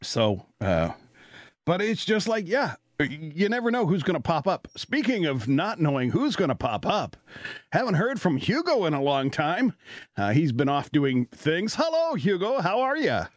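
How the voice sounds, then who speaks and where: Canadian male host, chatty storyteller, lively pitch, dry sound. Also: moderate pace, no echo. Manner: rambling, animated, laughs often, many fillers. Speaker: radio talk show host. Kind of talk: casual storytelling chat.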